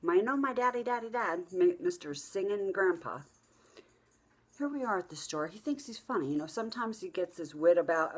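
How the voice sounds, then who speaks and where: Middle-aged woman vlogger, husky low voice, profane and animated storyteller. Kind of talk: casual storytelling to camera.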